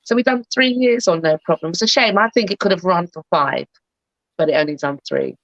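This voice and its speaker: A woman's voice: on the low side, fairly quick, a bit bright, no echo, highs cut off. A middle-aged woman and actress, chatting playfully as a guest on a talk show. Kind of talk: casual chat.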